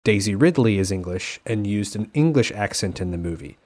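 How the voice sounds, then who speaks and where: A man co-hosting a podcast in casual chat, telling stories with animated energy. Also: lowish voice, a little fast. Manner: animated storytelling, slips into playful accent impressions. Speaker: podcast co-host.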